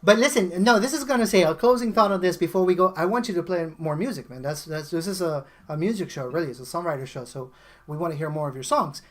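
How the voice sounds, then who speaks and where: A man's voice: fairly high pitch, fast talker. A man hosting a casual songwriter podcast, talking animatedly with frequent laughs and restarts. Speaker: host.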